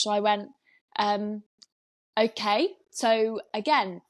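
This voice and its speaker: Woman, 20s, podcast co-host, video call, animated storytelling, mid pitch. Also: normal speed. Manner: chatty, animated storytelling with laughs. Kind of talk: casual chat over video call.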